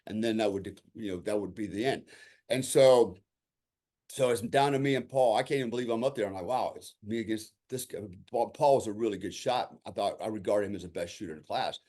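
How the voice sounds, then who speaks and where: A warm, lowish voice moves at a quick pace as this podcast guest tells a story from his army days. He chats casually, vividly acting out what others said and often throwing in "you know" and "right?".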